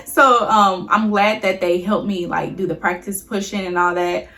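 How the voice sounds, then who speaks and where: A woman's voice: mid-range voice, fairly even intonation, moderate pace, few pauses, a bit bright, soft background music. A young woman vlogger casually telling a personal story to her viewers, chatty and emotional, often addressing them as y'all.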